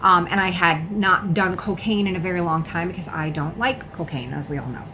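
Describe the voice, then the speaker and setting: A woman's voice: lowish voice, fairly quick, noisy background. A woman telling her own story in a candid, casual way, swearing freely and saying "like" often.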